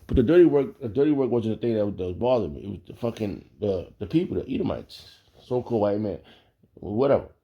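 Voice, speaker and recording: A man telling a casual story, animated and profane, laughing often. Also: lowish voice, quick pace, vocal fry, muffled recording.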